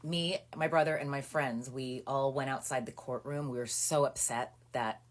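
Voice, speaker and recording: This casual storytime recap features a woman in her thirties talking to her phone camera at a moderate pace in a deep, low register. She gets indignant and animated, stacking up asides and fillers. Recorded indoors in a small room, the sound is intimate and close.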